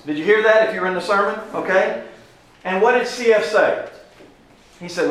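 A man's voice: high voice, a little fast, a bit bright. Man teaching a Bible class, very echoey. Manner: conversational, asks the class questions. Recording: very echoey room from a distance.

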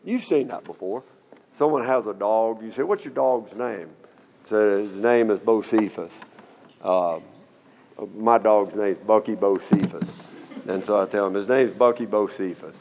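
A man's voice: on the low side, measured pace, a little mellow. A middle-aged man teaching the Bible in a folksy, conversational way, often checking in with "okay?". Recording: long hall reverb.

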